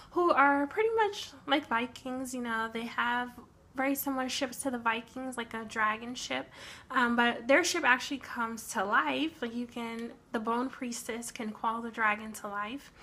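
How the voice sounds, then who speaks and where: A woman's voice: a little high, pushed and bright. A young woman chatting casually about a book she read, laughing often and acting out bits of dialogue. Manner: chatty, laughs often, slips into acted quotes. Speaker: book reviewer. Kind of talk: casual chat.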